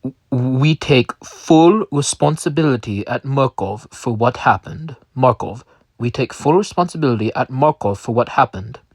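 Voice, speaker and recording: A man's voice: mid-range voice, expressive, moderate pace, darkish tone, no echo. A man voicing a sheepish Russian businessman who apologizes in a clumsy, slangy way, with a Russian accent. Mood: apologetic.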